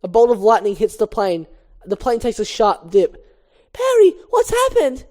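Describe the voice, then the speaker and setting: Woman reading a movie script out loud, quick and plain on the scene directions. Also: medium pitch. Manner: brisk, matter-of-fact stage directions. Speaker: reader. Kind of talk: reading a screenplay aloud.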